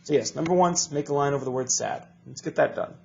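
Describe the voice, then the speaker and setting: A male teacher with a stuffy nose walks young students through a video lesson, patient and encouraging, saying each step twice. His voice sits a little high and has a gravelly edge. The recording is dull and lo-fi. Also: fast talker, a little mellow, soft background music. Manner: patient, encouraging, repeats instructions.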